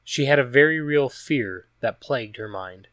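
A man reading a story aloud as a narrator, in an even, measured storytelling manner. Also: mid-range voice, no room sound, studio quality. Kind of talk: scripted audiobook narration.

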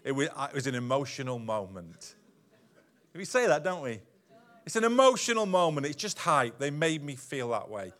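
A man preaching a sermon as pastor to his church, animated, swinging from loud emphatic lines down to quiet asides. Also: medium pitch. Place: church hall.

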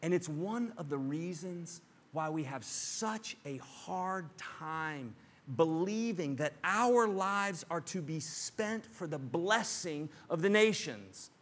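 Male pastor, middle-aged, sermon, lively and conversational, acts out quotes, bright and forceful tone, slightly high voice. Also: slow.

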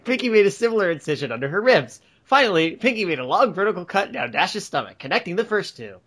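A man co-hosting a comedy podcast, reading a story aloud with laughing, animated reactions. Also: high voice, quick pace.

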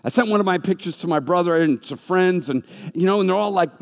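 A man's voice: sits high, a little fast, hardly any pauses. A man preaching a sermon as a pastor, telling stories with animation and acting out the voices of the people in them. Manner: animated storytelling, acts out voices. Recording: long reverb of a large hall.

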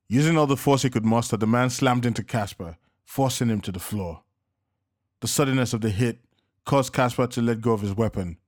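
A man with a low voice narrates a written story. He reads in a steady, measured way. The sound is dry and close. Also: dry recording.

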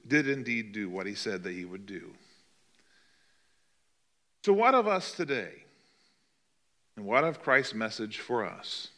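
A man preaching a sermon, dramatic and expressive, acting out the voices of the people he quotes. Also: medium pitch. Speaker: pastor.

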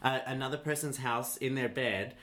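Lively storytelling man. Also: mid-range voice, moderate pace. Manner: lively storyteller who acts out voices. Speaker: podcast co-host. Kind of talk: casual chat.

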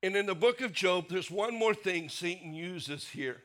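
A man's voice: animated, moderate pace, few pauses. Earnest man preaching a sermon. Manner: earnest preaching, drops low and soft for emphasis, rises for rhetorical questions. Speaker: pastor.

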